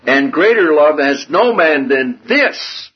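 A man preaching a sermon with a husky voice, swinging from hushed low passages to loud, high-pitched outbursts. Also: animated, slow pace, dull audio.

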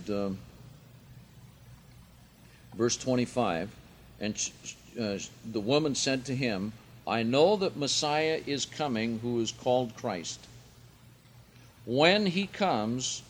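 A man preaching a sermon, reading scripture aloud and explaining Greek words, rising in pitch and volume for emphasis. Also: slight background noise.

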